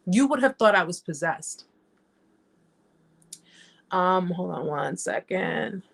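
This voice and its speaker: A woman's voice: on the low side, lively intonation, slow pace, vocal fry. Emphatic woman hosting a live chat. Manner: emphatic, repeats phrases, talks straight to viewers; reads viewer comments aloud. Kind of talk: casual live-stream chat.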